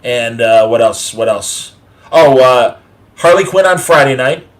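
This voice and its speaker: A man's voice: mid-range voice, lively intonation, measured pace. A man hosting a casual online chat show, rambling through a list with many fillers and restarts. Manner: rambling, filler-heavy listing with frequent uh and restarts. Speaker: podcast host.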